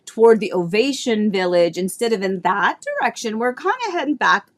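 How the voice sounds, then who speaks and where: A woman's voice: mid-range voice, animated, normal speed. A woman in her thirties hosting a casual livestream, talking in a chatty, rambling way with lots of fillers and restarts, nostalgic and emotional at times. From Florida, US. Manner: emotional and nostalgic, laughing between tears. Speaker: realtor and livestream host.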